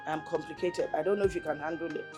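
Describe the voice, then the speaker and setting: Woman acting as a hesitant middle-aged Nigerian woman, low voice, guarded. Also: steady tone, quick pace, music in the background, lightly acted. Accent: Nigerian English. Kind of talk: film drama acting.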